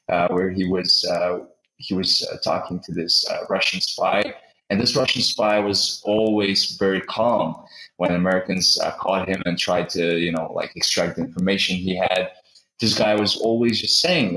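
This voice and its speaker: A man's voice: low-pitched, fairly bright tone, echoey room, rough recording. A man on a podcast telling a personal travel story in casual conversation, rambling with frequent restarts and repeated words. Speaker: podcast host.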